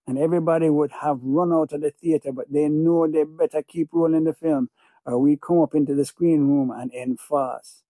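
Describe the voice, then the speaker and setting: A man's voice: a little high, steady tone, normal speed, dark tone, dry recording. Feverish male audiobook narrator. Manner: feverish, obsessive repetition. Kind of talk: first-person audiobook narration.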